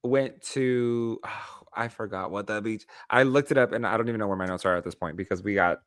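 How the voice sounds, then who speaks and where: A man's voice: lowish voice, brisk, fairly bright tone, no echo, clean studio sound. Frank, chatty man in his thirties. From United States. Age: 30s. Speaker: podcast co-host. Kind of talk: casual chat.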